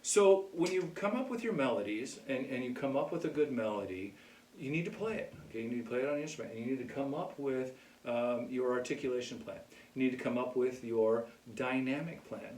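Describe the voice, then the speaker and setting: Relaxed male music teacher, mellow voice, recorded from a distance in an echoey room. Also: mid-range voice. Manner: relaxed, keeps checking in with "okay?". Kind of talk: casual music lesson. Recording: echoey room, mic far off.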